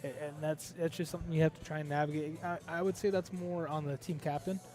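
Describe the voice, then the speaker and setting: A man's voice: fairly high pitch, flat delivery, fast talker, dark tone, faint music behind. A man giving live play-by-play pool commentary, analytical and thinking aloud with frequent fillers. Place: pool hall.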